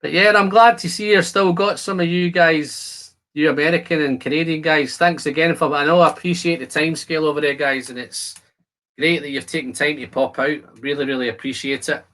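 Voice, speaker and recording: A slightly high, sharp-toned male voice stays steady and brisk. He's a whisky channel host chatting with viewers on a casual live stream, answering comments and describing the whisky's aromas while tasting it.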